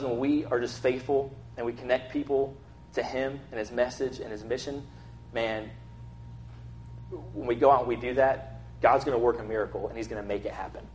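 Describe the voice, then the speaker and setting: A young man preaching in a relaxed, conversational way, slipping into acted-out quotes as he tells the story. His voice sits at a middle pitch. Faint noise hums under the recording. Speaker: pastor. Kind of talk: sermon.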